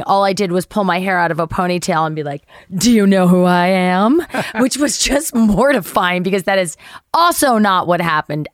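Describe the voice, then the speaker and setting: A middle-aged actress telling a story as an interview guest, animated, swearing and acting out quotes. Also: female voice, no echo, clean studio sound. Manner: animated, acts out quotes with big pitch jumps, swears. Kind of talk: lively anecdote telling.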